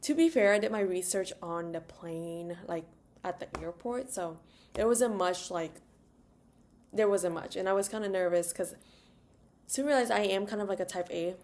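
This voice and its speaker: A woman's voice: mid-range voice, normal speed, a little mellow. A young woman telling a travel story in a casual, rambling vlog, full of "like" and little asides. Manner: rambling, filler-heavy, chatty; sings "la la" to herself. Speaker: travel vlogger.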